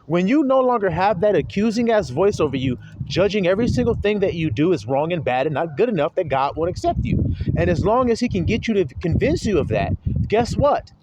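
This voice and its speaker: Male preacher, sermon, rhetorical questions, high-pitched, lively intonation. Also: a little fast, background noise. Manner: calls listeners little flock.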